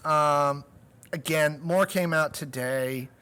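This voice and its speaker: Guy hosting a live stream, bit high voice, rambly and jokey, reads chat. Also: takes it slowly, bright, forceful tone, clean tone. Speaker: talk show host.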